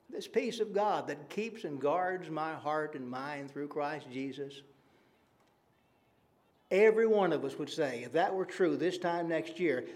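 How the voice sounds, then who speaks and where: A man's voice: fairly high pitch, unhurried, darkish tone. A man preaching an evening sermon in an earnest, conversational way, using rhetorical questions and frequent fillers.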